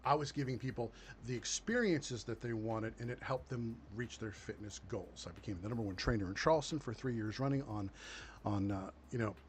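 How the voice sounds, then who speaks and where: A man hosting a casual commentary show, ranting in a profane, mocking, animated way. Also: mid-range voice, fairly quick, slight background noise. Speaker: commentary host. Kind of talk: casual political rant.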